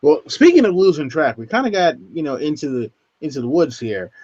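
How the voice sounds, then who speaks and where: A man's voice: a little high, big pitch swings, fairly quick, a little mellow, slight background noise. A man hosting a casual book discussion podcast. He leads the talk loosely and swears freely. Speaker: podcast host. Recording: dull, dry lo-fi podcast audio.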